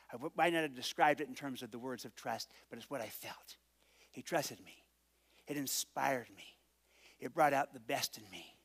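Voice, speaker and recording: A man speaking to an audience, telling a childhood story with lively acted-out dialogue. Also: medium pitch. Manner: animated storyteller acting out dialogue. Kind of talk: storytelling speech.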